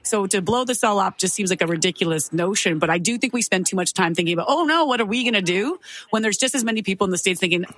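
A woman's voice: mid-range voice, racing, hardly any pauses, fairly bright tone, dry recording. A woman from Canada speaking as a panelist, reasoned and conversational. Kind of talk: casual political panel talk.

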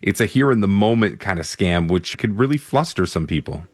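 A man's voice: low-pitched, animated, brisk, no room sound. A man hosting a radio interview, talking in a conversational, easygoing way. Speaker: radio show host.

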